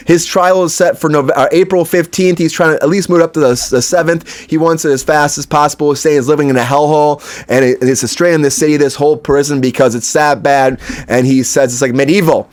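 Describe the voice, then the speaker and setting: A man's voice: fairly high pitch, fairly even intonation, fairly quick, few pauses. A man hosting an entertainment news show, giving casual, opinionated commentary with frequent asides to his viewers. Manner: chatty, opinionated, lots of fillers and asides to viewers.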